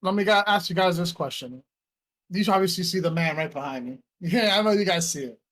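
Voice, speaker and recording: A man, co-hosting a casual podcast, talking excitably, laughing and saying "bro" and "yo" a lot. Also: high-pitched, fairly quick. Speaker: podcast co-host. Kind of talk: casual chat.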